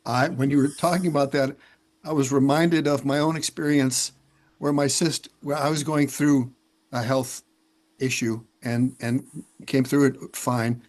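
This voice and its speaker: A man's voice: mid-range voice, fairly even intonation, a little slow, darkish tone. A man hosting a poetry workshop on a video call, chatting in a rambling, chuckling way. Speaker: workshop host. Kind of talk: casual video call chat.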